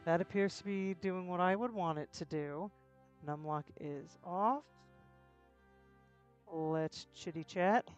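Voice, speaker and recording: A woman streams herself playing a video game, her lowish voice slow and full of pauses, with dull audio and faint music behind. She chats casually to viewers and rambles to herself with frequent restarts in typical live-stream commentary.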